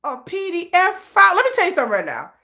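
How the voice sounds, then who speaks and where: Giggly, teasing woman streamer with a high voice. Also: wildly swooping pitch, fast talker, creaky, sharp tone. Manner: giggly, teasing, laughs often. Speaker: livestream host. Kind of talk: casual livestream chat.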